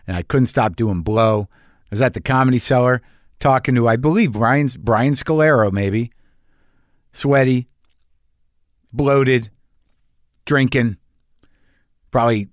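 A man's voice: medium pitch, no echo, studio quality. A man telling a confessional stand-up story in a profane, self-deprecating, rambling way. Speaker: stand-up comedian.

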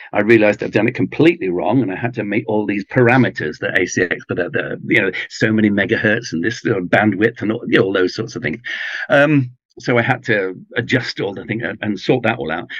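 A man with an English accent, chatting in an interview in a relaxed, rambling way with many ums and restarts. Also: fairly low pitch, dry recording, dull audio. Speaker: audiobook narrator guest. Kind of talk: casual interview chat. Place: home garage booth with foam pads.

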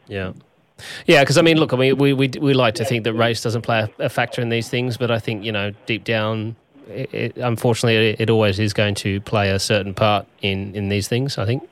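A man's voice: fairly low pitch, fairly even intonation, brisk, dry recording. A man hosting a podcast, interviewing guests and narrating in a conversational, hedging way. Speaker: podcast host.

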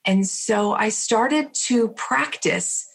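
A woman guest in an interview, telling an emotional personal story vividly, repeating phrases and slowing down for emphasis. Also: on the high side, gravelly, breathy edge. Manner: vivid, repetitive, slows down for emphasis.

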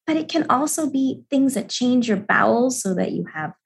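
Calm woman doctor explaining clearly. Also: a little high, normal speed. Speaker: adolescent medicine doctor, guest. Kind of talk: podcast interview.

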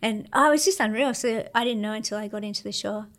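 A woman's voice: medium pitch, fast, fairly bright tone. Laid-back Australian woman, slangy chat. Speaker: interview guest, para-surfer. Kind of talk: casual interview chat.

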